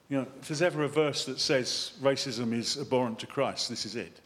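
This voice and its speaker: A man, a vicar, giving a lively sermon that wanders into chatty, self-mocking asides. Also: medium pitch, a little fast, few pauses. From England. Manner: animated, chatty preaching with digressions and self-deprecating asides.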